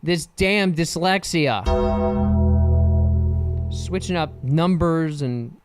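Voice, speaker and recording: A man's voice: a little high, extremely slow, loud music behind the voice. A man hosting a casual solo podcast, rambling and joking and often laughing. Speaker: podcast host.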